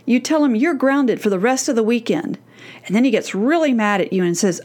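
A woman's voice: on the high side, expressive, darkish tone. A middle-aged woman, a parenting coach, giving a scripted podcast lesson in an earnest, emphatic way. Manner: earnest and emphatic, slowing down to act out quoted teens.

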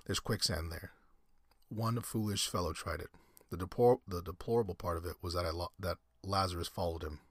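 A man voicing a suave, cruel old aristocratic general who hunts men, in a courtly, menacing manner and a husky voice. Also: low voice, steady tone, a little fast, no echo, clean studio sound.

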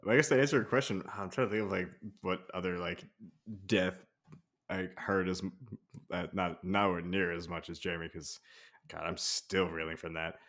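A man on a casual podcast, talking in a relaxed, slightly hesitant way and repeating words. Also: low voice, normal speed. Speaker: podcast panelist. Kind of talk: casual chat.

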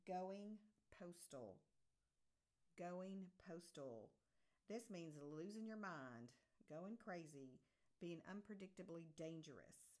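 Slow-talking Southern woman explaining slang. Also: fairly low pitch, animated, darkish tone. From Southern United States. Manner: friendly, chuckles often, slows down to spell and define words. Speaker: teacher explaining English slang. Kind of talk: casual explanatory lesson.

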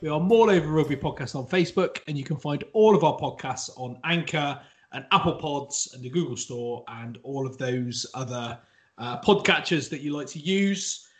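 A man's voice: a little high, moderate pace. A West Country man hosting a podcast in casual, jokey, rambling banter, a bit tipsy. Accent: West Country English. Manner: jokey, rambling, self-mocking. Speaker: podcast host.

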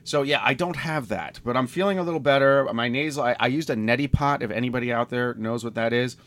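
A man's voice: mid-range voice, quick pace, a bit bright, no room sound. A man with a nasal, congested voice from a sinus infection, hosting a casual podcast chat and laughing often. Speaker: podcast host.

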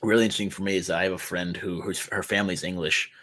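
A man co-hosting a podcast, talking quickly and eagerly in casual chat. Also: low-pitched, steady tone, sharp tone. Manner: quick, enthusiastic talker. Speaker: podcast co-host.

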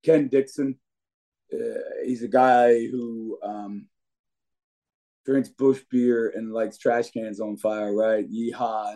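A brash young man speaks as a wrestler guest on a podcast, trading put-downs with cocky swagger. His voice sits low and his tone is warm and mellow. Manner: brash trash-talking, cocky. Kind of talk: podcast interview.

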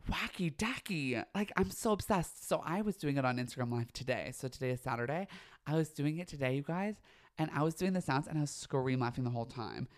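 A man's voice: a little high, normal speed. A young man hosting his own podcast, talking in a campy, dramatic, gossipy way and swearing freely. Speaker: podcast host. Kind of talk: casual solo podcast chat.

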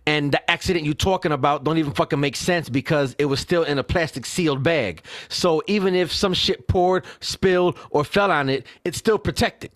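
Casting: man, podcast co-host, heated profane rant, slightly higher voice, dry sound. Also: moderate pace, hardly any pauses, dry recording. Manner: animated, profane, ranting with rhetorical "right?". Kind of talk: casual heated chat.

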